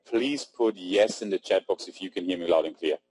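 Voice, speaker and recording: A man's voice: low-pitched, a little fast, darkish tone, husky, dry recording, low-quality recording. A man with a German accent hosting an online marketing webinar, chatty and upbeat, reading out attendees' names from the chat. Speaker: webinar host. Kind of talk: casual webinar talk. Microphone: computer mic on webinar.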